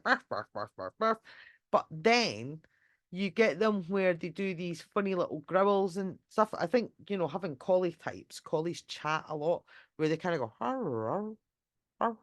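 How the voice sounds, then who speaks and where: This dog trainer's voice sits on the low side, captured with clean studio sound and no room sound via a computer mic in a screen-shared live session. She chats casually online, rambling with frequent fillers and restarts, swearing offhandedly and sometimes voicing what a dog might think.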